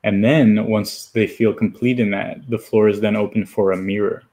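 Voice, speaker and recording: A man in casual conversation, calmly and thoughtfully explaining a group practice. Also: lowish voice, moderate pace. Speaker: community organizer. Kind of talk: casual chat.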